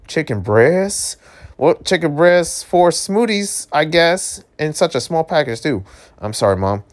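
A man reading a webtoon aloud and reacting with excitable, joking asides. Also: fairly high pitch, a little slow. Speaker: webtoon reader.

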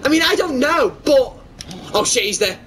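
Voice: high-pitched, lively intonation, moderate pace, recorded from a distance, background noise. A gamer giving let's-play commentary during a horror game, talking to themself and to viewers and swearing when startled.

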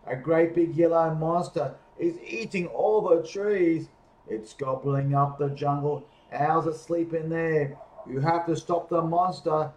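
An urgent, frantic goose from a picture book, as a man reading aloud puts it on. The voice is pitched up and loud, pleading for help. The room has a noticeable echo. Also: unhurried, close to an everyday voice.

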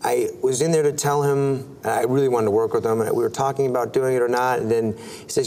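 A man's voice: mid-range voice, quick pace, hardly any pauses. A man in his forties, an actor telling stories as an interview guest, acting out dialogue with lots of fillers and restarts. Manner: animated, acts out dialogue with many "I'm like" quotes; filler-heavy, restarts often. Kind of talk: casual storytelling in an interview. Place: TV studio, seated at a table.

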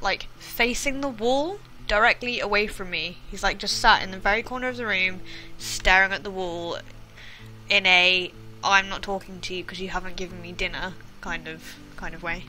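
A woman's voice: medium pitch, bright, forceful tone, rough recording. A young woman with a chatty, sweary manner, commenting casually on a game at home into a desk mic. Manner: chatty, sweary, rambling asides. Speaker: gameplay commentator. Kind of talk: casual let's-play commentary. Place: home room. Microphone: desk microphone.

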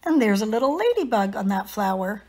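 A woman leading an outdoor lesson for young children, talking gently in a sing-song way, as if to friends. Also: medium pitch, very animated, a little fast. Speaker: early years educator. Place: outdoors in a yard and woods.

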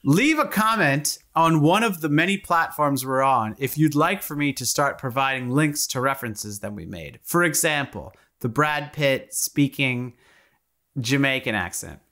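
A man co-hosting a casual retro-games podcast, joking and teasing in a relaxed chat. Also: medium pitch, a little slow. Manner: joking, teasing, crude jokes. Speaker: podcast co-host.

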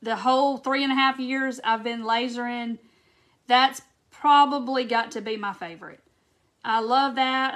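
A woman's voice: on the high side, a bit bright. A woman hosting a casual crafting livestream, chatting to viewers by name as she paints. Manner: chatty, drawn-out Southern "y'all" talk, greets viewers by name. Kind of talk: casual live crafting chat. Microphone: phone or camera mic on a livestream.

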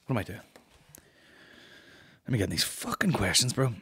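A Northern Irish man hosting a comedy podcast, reading listener questions and telling stories in a blunt, sweary, animated way. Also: mid-range voice, brisk, slightly rough. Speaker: podcast host and stand-up comedian.

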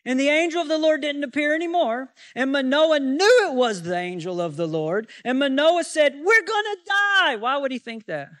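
A man's voice: extremely high pitch, lively intonation, fairly quick, few pauses, dry recording, studio quality. A male pastor preaching a sermon, teaching from scripture with many rhetorical questions to the congregation.

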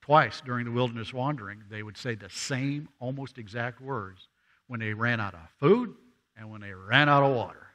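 A man delivers a sermon in a church. His tone is bright and forward, and he keeps it conversational. He throws questions at the congregation and acts out the voices of people in the story. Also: medium pitch, moderate pace. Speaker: guest preacher. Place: church sanctuary.

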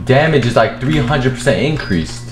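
A young man giving gameplay commentary, swearing and shouting in frustrated outbursts, with game music and keyboard typing behind him. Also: mid-range voice, animated, normal speed. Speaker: gaming streamer.

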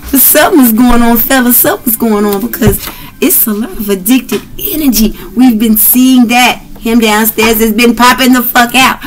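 A woman's voice: a little high, moderate pace, low-quality recording. Brash, profane woman reading tarot. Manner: brash, profane, rowdy and playful. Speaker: tarot reader.

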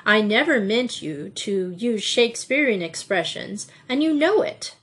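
A kind but firm young headmistress, voiced by a woman reading aloud, calm and gently scolding. She speaks slowly and evenly in an audiobook. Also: on the high side, breathy edge, exaggerated voice.

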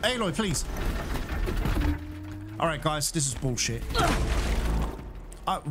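A gaming YouTuber gives chatty let's-play commentary in a high, very animated voice, speaking slowly. He laughs often and bursts out in exasperation at the game. Game music plays behind his voice.

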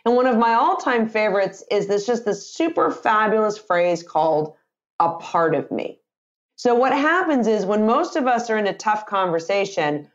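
A woman in her fifties talks with bright energy on a podcast, acting out sample phrases with lively swings in her voice. Her audio sounds somewhat muffled and lo-fi, like a remote call. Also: mid-range voice. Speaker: guest, communication author and sales trainer. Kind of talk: conversational podcast interview.

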